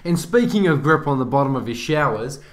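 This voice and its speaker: A man's voice: medium pitch, lively intonation, brisk. A man joking along as co-commentator, rambling, giggling and tripping over his words. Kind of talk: joking live sports commentary.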